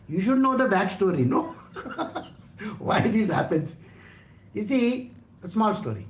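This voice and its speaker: A man's voice: high-pitched, a little hiss or hum. A man with an Indian English accent giving a conversational scripture talk, teasing and often asking his listeners questions. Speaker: spiritual teacher. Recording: roomy echo.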